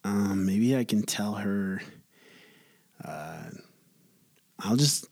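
A man's voice: on the low side, expressive, extremely slow, vocal fry, darkish tone, breathy edge. A young man hosting a solo podcast, rambling casually with lots of restarts and filler words. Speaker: podcast host.

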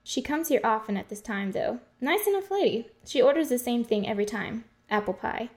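A woman's voice: fairly high pitch, animated, fairly quick, darkish tone, natural voice. A woman voicing a blunt, bored waitress on the graveyard shift, answering in a sarcastic, unbothered way. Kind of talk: game voice acting.

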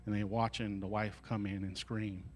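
A man's voice: lowish voice, little pitch movement, moderate pace. A male pastor delivering a sermon at a church service, telling an emotional story and moving into fervent prayer.

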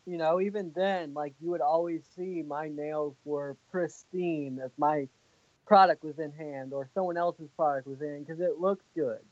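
A man's voice: fairly high pitch, fairly even intonation, moderate pace, no room sound. A man in casual podcast chat, talking in a laid-back, matter-of-fact way. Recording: dull lo-fi sound.

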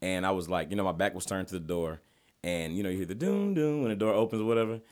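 A man hosting a podcast, telling an animated story in casual chat with slang and profanity. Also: low voice, quick pace. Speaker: podcast host.

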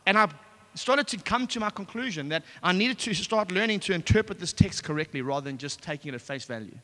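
A man gives a sermon, breaking into a personal story with lots of restarts and animated asides. His voice sits a little high and sounds bright and forceful. The recording has the long, echoing ring of a large hall. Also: a little fast. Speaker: preacher. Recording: echoey hall.

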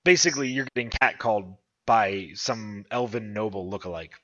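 Bright-voiced game master on a lo-fi call. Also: male voice, on the low side, dry recording. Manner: slow, vivid scene description with drawn-out words. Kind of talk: narrating a tabletop game. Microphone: online voice call.

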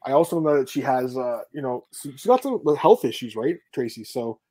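A man hosting a casual podcast over a live video call, talking fast, cursing and laughing often. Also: medium pitch, very animated, mellow, dry recording. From Canada. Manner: fast, profane, laughs a lot. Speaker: podcast host.

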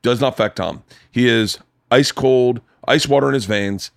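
A man's voice: mid-range voice, normal speed, vocal fry. A man hosting a podcast in a home studio, telling stories in loose casual chat. He rambles, swears freely and gets heated. The sound is close and dry, with no room echo at all. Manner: animated, profane, rambling. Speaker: podcast host.

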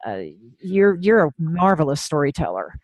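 A woman's voice: sits low, big pitch swings, moderate pace, a little mellow. A woman hosting a radio show, chatting with a guest in an affirming, enthusiastic way. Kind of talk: casual interview chat.

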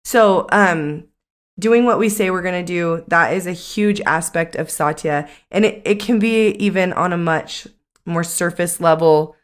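A woman's voice: fairly low pitch, a little slow. A young adult woman co-hosting a casual podcast chat as a coach, talking in a chatty way with many "like" fillers.

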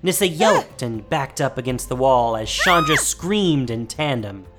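Expressive low-voiced woman narrator. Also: measured pace. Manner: expressive storytelling. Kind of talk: audiobook narration. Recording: faint music behind.

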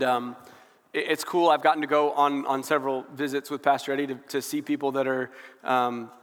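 A man's voice: fairly high pitch, fairly bright tone, in a large hall. A young man preaching a sermon in a casual, conversational way, often saying "like" and building in fervor as he goes. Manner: conversational, frequent "like" fillers, rising fervor.

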